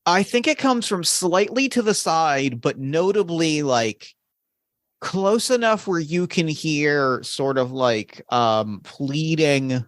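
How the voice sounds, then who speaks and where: A man narrating a tabletop game as game master, in a halting way, often restarting his sentences. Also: a little high, animated, a bit bright, no echo, studio quality. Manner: halting, full of restarts and fillers.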